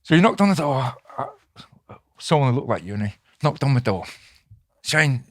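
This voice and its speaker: A man hosting a podcast, telling a story in casual chat, swearing constantly and loudly acting out the voices of the people in it. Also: medium pitch, sing-song, moderate pace, long pauses, no room sound, clean studio sound. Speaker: podcast host.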